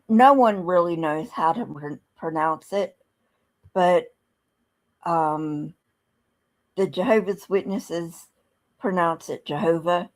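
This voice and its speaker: A woman hosting a podcast, reading scripture aloud and commenting bluntly, with many ums and pauses. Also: on the low side. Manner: slow, halting, many ums, blunt and sardonic. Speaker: podcast host. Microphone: streaming setup mic.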